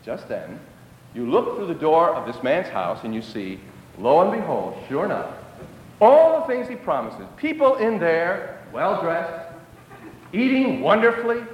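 A man's voice: sing-song, a little slow, slight background noise. Dramatic preacher man in an echoey hall. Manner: dramatic, drops to hushed lows for emphasis. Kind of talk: sermon storytelling.

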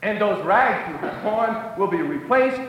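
A man's voice: sits high, animated, measured pace, fairly bright tone, voice pushed up. A man voicing a grand male preacher who promises riches to a listener. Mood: promising. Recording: echoey hall.

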